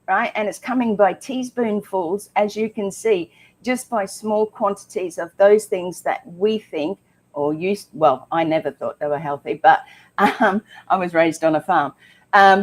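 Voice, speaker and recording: A woman co-hosting a casual health talk show, chatty and emphatic with frequent ums. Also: mid-range voice. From Australia.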